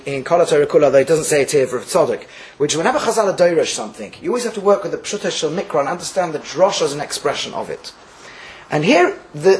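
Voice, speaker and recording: A man giving a Torah class, lively and full of restarts, acting out the people in the verses he teaches. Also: a little high, low-quality recording. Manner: lively, acts out quotes, Hebrew terms mixed in, restarts.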